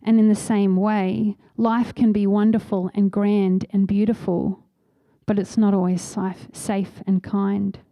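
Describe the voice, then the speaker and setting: A woman's voice: medium pitch, flat delivery, unhurried, dark tone, no echo. A woman preaching a sermon in a church, telling a story earnestly and acting out the voices she quotes.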